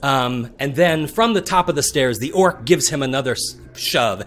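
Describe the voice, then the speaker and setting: A man running a tabletop game as dungeon master, narrating scenes slowly and descriptively, with some restarts. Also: medium pitch, animated, a bit bright.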